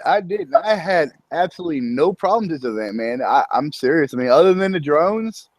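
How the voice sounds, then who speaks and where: A podcast host runs a casual voice-chat show about a strategy game event, staying laid-back and profane and chuckling often. His voice is medium-pitched and the recording is dry.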